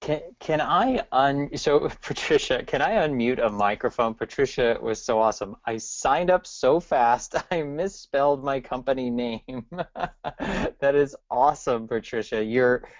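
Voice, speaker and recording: A man's voice: mid-range voice, a little slow, no room sound. A man hosting a live webinar as a coach, upbeat and hypey, often stammering on repeated words. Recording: dull lo-fi online call audio.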